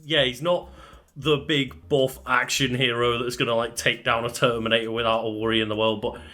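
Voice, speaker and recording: A man co-hosting a podcast, chatting about films in a measured, agreeable way. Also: mid-range voice, flat delivery, sharp tone. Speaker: podcast co-host. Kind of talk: casual film chat.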